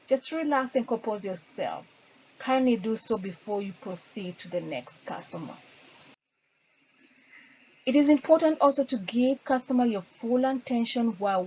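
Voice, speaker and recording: A woman's voice: medium pitch, darkish tone, breathy edge. Woman teaching customer service basics. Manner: explains patiently, acts out sample phone greetings. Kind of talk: instructional lecture. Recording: dull lo-fi recording.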